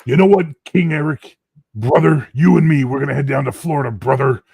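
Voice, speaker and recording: A man putting on a shouting pro wrestler impression in a loud wrestling promo style. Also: mid-range voice, a little fast, creaky, slightly rough, no echo, voice pushed up. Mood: pumped up.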